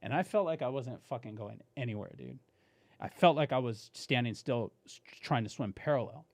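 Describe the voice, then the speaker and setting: A man guest on a podcast, telling a story in a casual, animated way, swearing and saying "dude" often. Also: mid-range voice, moderate pace, dry recording.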